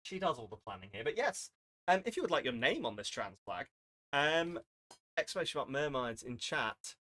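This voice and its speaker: A man's voice: medium pitch, big pitch swings, normal speed, bright, forceful tone. A young man chatting casually on a charity live stream, rambling and self-deprecating. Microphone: desk microphone.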